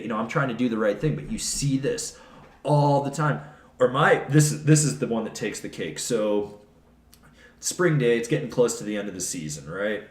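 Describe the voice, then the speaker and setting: A man's voice: mid-range voice, fairly quick. Blunt, profane man telling stories. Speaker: podcast guest, snowboard reviewer. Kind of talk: casual interview storytelling. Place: trade show. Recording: echoey room.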